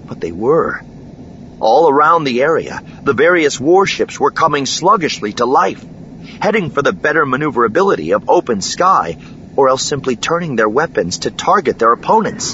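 Deep guy reading an audiobook, very animated delivery, muffled hissy audio. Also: normal speed. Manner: expressive, dramatic reading. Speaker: audiobook narrator. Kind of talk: scripted narration. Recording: dull lo-fi with steady noise.

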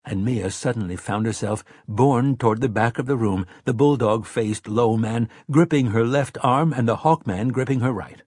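Male audiobook narrator, measured, husky, low, dry close sound. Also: darkish tone, no room sound. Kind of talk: scripted narration.

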